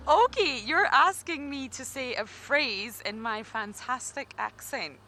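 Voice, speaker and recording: A woman's voice: sits high, takes it slowly, pushed and bright. A Scottish woman from Scotland, a safari guide giving chatty, good-humoured live game drive commentary. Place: outdoors in an open game vehicle.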